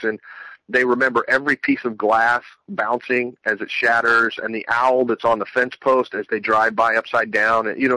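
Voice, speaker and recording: A man's voice: mid-range voice, sharp tone, dry recording, low-quality recording. A man earnestly telling a long personal religious testimony, rambling with many restarts. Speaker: Christian speaker sharing testimony.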